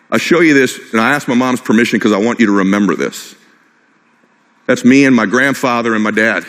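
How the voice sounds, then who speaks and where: A middle-aged man giving a motivational stage talk, impassioned and personal, driving his point home with short repeated phrases. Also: on the low side. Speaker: motivational speaker. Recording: long hall reverb.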